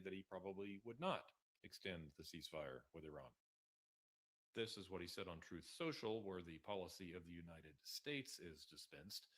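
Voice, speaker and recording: A man's voice: sits low, a bit bright. A man giving sardonic news commentary in a dry, wry tone. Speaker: political commentator.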